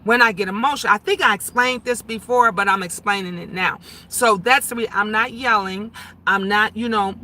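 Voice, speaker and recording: Loud, emphatic woman in her fifties. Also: medium pitch. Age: 50s. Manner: loud, emphatic talker who gets louder when emotional. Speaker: livestream host reading viewer comments. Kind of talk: casual livestream chat.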